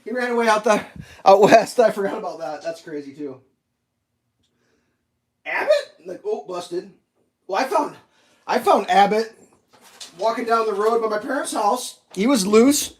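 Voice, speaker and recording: A man casually telling rambling dog stories while cooking breakfast on a stream, animated and laughing at his own tales. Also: high voice, a little slow, pauses often.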